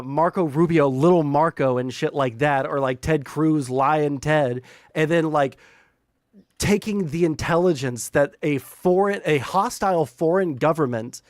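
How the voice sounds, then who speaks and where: Man streamer, casual political rant, profane and rambling, slightly high voice. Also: no room sound, studio quality. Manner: profane, rambling, animated with filler words.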